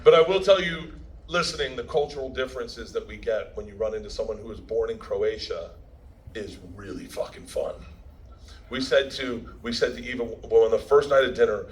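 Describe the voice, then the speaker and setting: A man's voice: mid-range voice, moderate pace, slight background noise, poor audio. A man giving a speech at a premiere, telling a story in a brash, profane, laughing way and acting out the quotes. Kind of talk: stand-up style storytelling speech.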